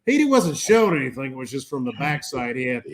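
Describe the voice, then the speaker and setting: Animated man telling a story. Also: medium pitch, a little fast, crowd noise. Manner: animated, laughs as he tells it. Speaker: panel guest. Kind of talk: casual storytelling.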